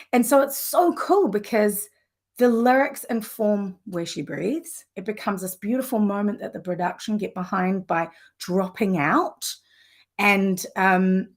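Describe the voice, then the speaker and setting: A woman vocal coach teaching a live lesson in an enthusiastic, conversational way, with warm asides. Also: medium pitch.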